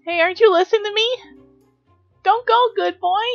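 A woman's voice: very high-pitched, normal speed, vocal fry, soft background music, voice pushed up. A woman voicing a clingy little girl in a whiny, pleading way, on a dull lo-fi recording. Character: clingy little girl begging her brother to stay.

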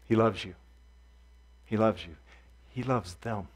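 A male pastor giving an earnest sermon, repeating key phrases and swinging from hushed, soft passages to loud emphatic ones. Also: lowish voice, slow, breathy edge.

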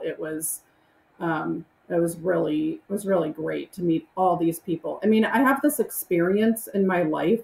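A woman chatting as an interview guest, animated and acting out excited greetings in a high voice. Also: creaky, echoey room, low-quality recording. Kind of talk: casual interview chat.

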